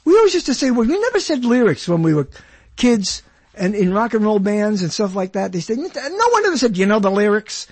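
A man hosts his own show in a loose, wandering monologue, clearing his throat now and then. His voice sits high and husky, and his pitch swings widely. The sound is close and dry. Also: wildly swooping pitch, a little fast, darkish tone, dry recording. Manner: digressive, chatty, clears throat often. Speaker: show host. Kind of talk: casual rambling monologue. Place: indoors, cold dry room.

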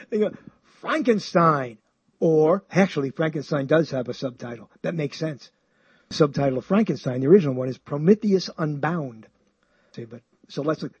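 A man hosting a show, talking about books in a rambling, animated way, often chuckling and swinging his pitch high and low. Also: normal speed, husky, no room sound, highs cut off. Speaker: show host. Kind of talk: rambling radio-style talk about books.

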